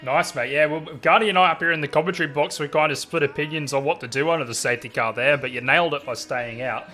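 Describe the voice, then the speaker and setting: A man's voice: fairly high pitch, quick pace, sharp tone, soft background music. A man commentating a sim race and interviewing drivers afterwards, upbeat and calling everyone mate. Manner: upbeat, says "mate" a lot. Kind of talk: casual sim racing commentary.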